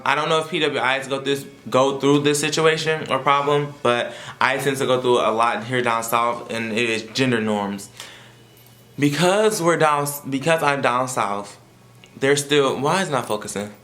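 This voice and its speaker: A man's voice: medium pitch, normal speed, pushed and bright, echoey room. A young man, a college freshman, giving sassy, slangy advice in a casual vlog. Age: young adult. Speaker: vlogger.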